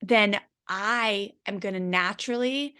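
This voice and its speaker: A woman's voice: mid-range voice, unhurried, bright, forceful tone, smooth. A woman parenting coach in a casual interview, chatty and full of "like" fillers, acting out her own inner voice.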